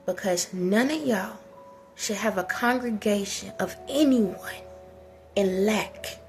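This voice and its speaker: A woman's voice: mid-range voice, a little hiss or hum. A woman, delivering a heated casual monologue full of repeated rhetorical questions. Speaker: vlogger.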